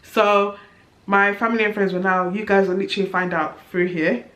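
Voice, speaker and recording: A woman's voice: medium pitch, steady tone, normal speed, fairly bright tone. A young woman chatting candidly and with exasperation in a review vlog, laughing at herself now and then. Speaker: vlogger. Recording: echoey room.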